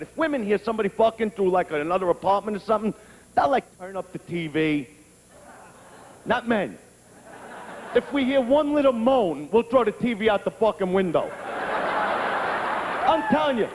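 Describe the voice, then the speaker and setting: A male stand-up comic with a very high voice, firing off crude stories in a brash, profane style and often bursting into shouts. His voice rings out with a long reverb over a faint background noise. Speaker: stand-up comedian. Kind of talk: stand-up comedy set.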